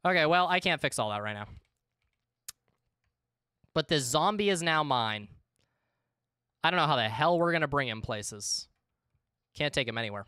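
Smooth-voiced swearing game streamer. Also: male voice, a little high, expressive, moderate pace, long pauses, sharp tone, no room sound, clean studio sound. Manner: chatty, swears freely, talks to chat. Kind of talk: casual livestream commentary.

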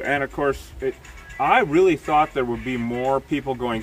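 A man's voice: mid-range voice, moderate pace, faint music behind. A man hosting a casual vlog outdoors, joking and rambling, his speech slightly slurred after dental surgery. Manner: jokey, rambling, self-mocking. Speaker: host. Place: outdoors on rural property. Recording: distant mic with loud outdoor noise.

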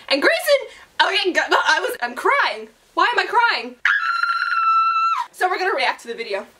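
A young woman vlogging casually at home, excitable and giggly, recorded on a laptop or camera mic. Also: very high voice, slight background noise. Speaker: YouTuber. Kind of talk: casual vlog reaction. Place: at home, indoors.

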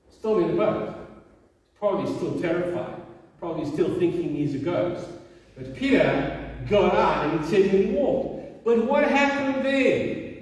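A man's voice: high-pitched, darkish tone. A middle-aged male pastor preaching a sermon in a conversational way, asking the room questions and restarting his sentences. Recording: echoey hall from far off.

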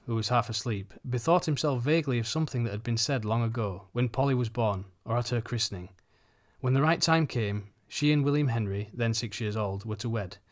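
Man reading an audiobook aloud. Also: mid-range voice. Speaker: audiobook reader. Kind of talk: storybook narration.

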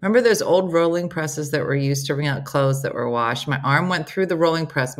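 A woman's voice: low voice, fairly quick, few pauses. A woman hosting a comedy morning show, reading listener stories aloud with playful banter.

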